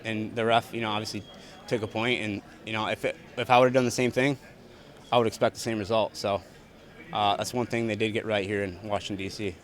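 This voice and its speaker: Fast-talking blunt profane young man. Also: on the low side, little pitch movement. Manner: blunt, profane, rapid and repetitive. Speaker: fighter at post-fight press scrum. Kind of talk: post-fight interview answers. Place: arena backstage press area.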